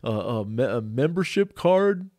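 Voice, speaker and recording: A man's voice: medium pitch, sing-song, a little slow, a little mellow, no echo, clean studio sound. A man voicing a goofy teenage boy clerk who stumbles over his words.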